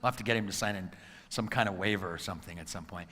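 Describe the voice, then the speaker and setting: A man in his forties delivers a motivational talk to a live crowd, acting out quotes and throwing questions at the room. His voice is bright and forceful. It rings out with a long hall reverb behind it. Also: deep voice, racing, slightly rough. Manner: animated storyteller who acts out quotes, asks the crowd questions. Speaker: motivational speaker.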